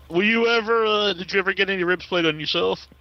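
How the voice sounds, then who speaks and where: Gravelly male interviewer. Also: high voice, a little fast. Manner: brief backchannel, laughs along. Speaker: interviewer, show host. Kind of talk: casual interview. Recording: dry lo-fi radio audio.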